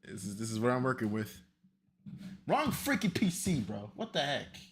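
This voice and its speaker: A young man chatting on his stream, rambling through his setup. His pitch jumps around a lot as he exclaims and talks to himself. The talk is loose and casual. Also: big pitch swings, normal speed, a bit bright, a little hiss or hum. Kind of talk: casual stream chat while setting up a video.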